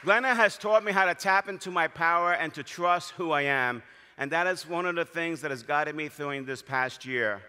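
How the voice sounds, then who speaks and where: A man's voice: a little high, moderate pace, pushed and bright, a faint crowd. A man telling heartfelt stories in a keynote speech as an association president, in a large convention hall. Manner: storytelling, heartfelt. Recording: long hall reverb.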